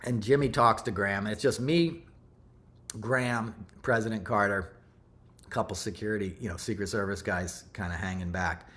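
Low-voiced middle-aged man rambling through a story. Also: fairly even intonation, moderate pace, a bit bright. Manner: rambling, loose and conversational, full of asides and self-corrections. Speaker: podcast host. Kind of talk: casual storytelling monologue.

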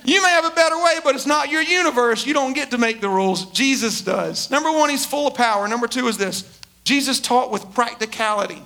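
A man with a very high, bright, sharp voice preaches in a loose, conversational way. He is emphatic and often stumbles over repeated words as he restarts his sentences. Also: lively intonation, brisk, gravelly. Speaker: pastor. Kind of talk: conversational sermon.

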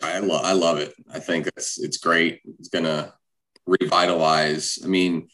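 A man's voice: low voice, flat delivery, a little slow, pushed and bright. A man co-hosting a podcast in casual chat, making laid-back, dry remarks. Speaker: podcast co-host.

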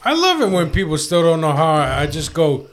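A man co-hosting a podcast in casual chat, with a rough voice, joking and teasing with lots of swearing. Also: a little high, very animated, a little fast. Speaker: podcast co-host.

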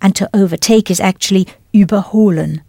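A woman leading a scripted audio language lesson, explaining patiently and deliberately into a close studio mic. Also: mid-range voice, mellow, dry recording. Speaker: language teacher.

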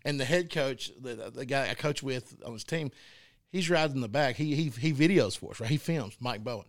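On a casual sports talk show, this Arkansas youth football coach and co-host spins animated stories packed with laughter and false starts. He speaks fairly quickly in a mid-range voice, and the clean studio recording has no room sound.

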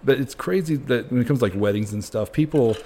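Fast-talking man host. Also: mid-range voice, mellow, slight background noise. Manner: loose, joking, swears, fast talker. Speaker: podcast host. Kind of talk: casual chat. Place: bar.

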